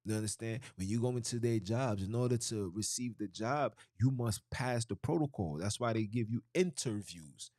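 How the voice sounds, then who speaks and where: A man's voice: on the low side, moderate pace, few pauses, a little mellow, dry recording, studio quality. A man delivering an emphatic, preachy podcast monologue, often repeating himself and restarting phrases. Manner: emphatic, repetitive, frequent restarts. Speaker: podcast host.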